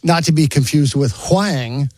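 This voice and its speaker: A man co-hosting a radio show, jokey, dropping trivia in deadpan asides. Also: a little high, a little slow, no echo. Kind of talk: casual morning radio banter. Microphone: studio microphone.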